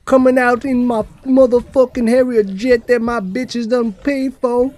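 A man's voice: very high voice, fairly even intonation, measured pace, darkish tone, pitched above the performer's own voice. A man voicing a boastful, swaggering pimp pilot, crude and profane, during a game stream.

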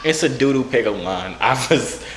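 A man's voice: mid-range voice, lively intonation, moderate pace. A man in his twenties joking and teasing strangers in a casual video chat. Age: 20s. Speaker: vlogger. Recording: echoey with loud noise.

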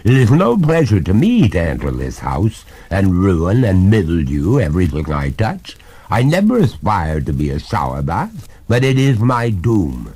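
A man voicing a haughty, centuries-old female water ghost with a gurgling voice, speaking slowly and grandly on a story record. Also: low-pitched, huge pitch swings, mellow, breathy edge, exaggerated voice. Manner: slow, grand, indignant speech.

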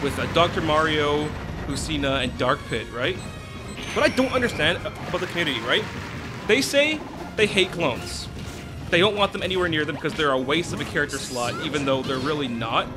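A man's voice: fairly high pitch, fairly quick. A young man hosting a gaming let's play, ranting with exasperation and tossing in "right?" again and again. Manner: animated, exasperated ranting with many "right?" asides. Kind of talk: ranting gameplay commentary. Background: game music.

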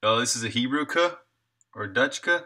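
A man's voice: mid-range voice, animated, moderate pace, bright, forceful tone. A man, an indie game developer, chatting casually on a live stream while he works, thinking aloud, answering chat and chuckling often.

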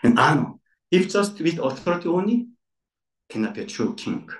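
In a church centre, a pastor preaches emphatically, repeating key words with rising stress. His voice is fairly high with big pitch swings at a normal speed, and it sounds distant in an echoey room.

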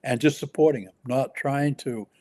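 A man speaking as a pastor in a relaxed ministry conversation, pausing and restarting often as he describes his work. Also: mid-range voice. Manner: halting, with many restarts and fillers.

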